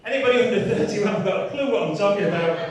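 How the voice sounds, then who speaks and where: High-voiced man in his fifties doing stand-up. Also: lively intonation, racing. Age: 50s. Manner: chatty, teasing the crowd with tag questions. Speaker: stand-up comedian. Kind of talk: stand-up comedy routine. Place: large comedy venue, live audience. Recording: echoey venue from far off with crowd. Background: audience laughter.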